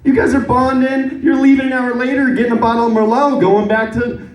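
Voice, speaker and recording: A man doing a stand-up comedy set, telling a story with animated acted-out voices. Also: very high voice, fairly quick. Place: comedy club stage. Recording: echoey club from a distance.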